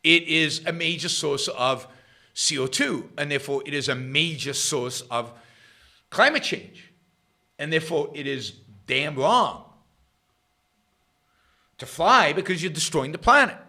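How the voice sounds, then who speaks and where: A middle-aged man hosting his own show, giving sarcastic political commentary that swings between loud jabs and muttered asides. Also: a little high, a little slow, long pauses. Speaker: podcast host.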